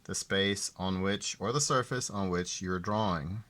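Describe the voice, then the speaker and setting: A man teaching art, explaining ideas slowly and deliberately and repeating the key terms. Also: sits low, a bit bright. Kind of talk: classroom explanation.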